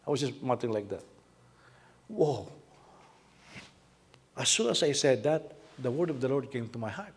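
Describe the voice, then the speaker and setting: A man pastor from the Philippines preaching a sermon, animated, with many repetitions and rhetorical questions. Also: mid-range voice, moderate pace, pauses often.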